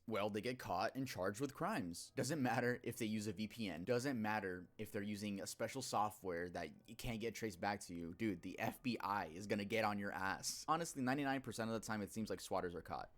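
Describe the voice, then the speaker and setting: A man narrating a true-crime video in a blunt, conversational way. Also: fairly low pitch.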